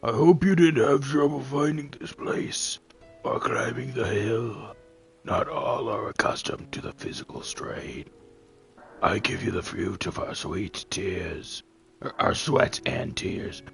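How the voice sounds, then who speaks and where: A man voicing a gravelly formal alchemist. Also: on the low side, takes it slowly, soft background music. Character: polite scholarly male alchemist, formal and earnest. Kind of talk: fan voice acting of a game scene.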